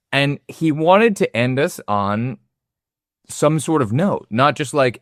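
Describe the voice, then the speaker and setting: A man's voice: medium pitch, normal speed. A man co-hosting a movie podcast, sprawling and profane, slipping into quoted voices as he makes his point. His voice sits in the middle range. The sound is dry, with no room echo. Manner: profane, animated storytelling with acted-out quotes. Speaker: podcast co-host. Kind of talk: casual film discussion.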